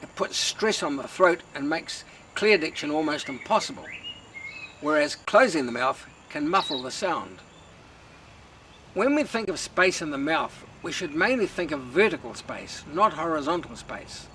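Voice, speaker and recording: A man giving a calm, measured lesson on singing technique. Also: on the high side, slight background noise, low-quality recording. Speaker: singing teacher. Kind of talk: instructional talk.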